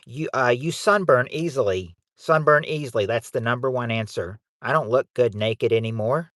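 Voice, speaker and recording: A man's voice: medium pitch, moderate pace, fairly bright tone, no room sound, studio quality. A man hosting a livestream game night on his phone in a casual, rambling way, reading out viewers' names and answers.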